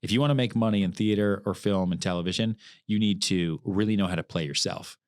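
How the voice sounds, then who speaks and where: A man in his thirties, a podcast guest who chats bluntly and tells stories with animated bursts. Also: on the low side, smooth, no room sound, clean studio sound. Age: 30s. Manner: blunt, animated storyteller who talks in quick runs. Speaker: guest, real estate broker. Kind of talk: casual conversation. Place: podcast recording.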